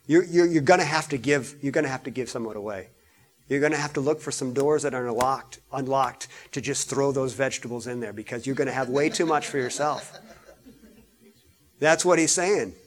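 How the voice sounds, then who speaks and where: A man's voice: mid-range voice, fairly quick. A man preaching a sermon, reading scripture and explaining it with repetition and rising emphasis. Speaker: pastor.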